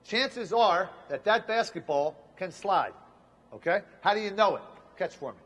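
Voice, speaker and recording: On an indoor court with a gym's long reverb, a man coaches basketball players through a shooting demonstration. His voice sits high and fairly bright, with lively intonation at normal speed, as he gives short, emphatic, repeated commands.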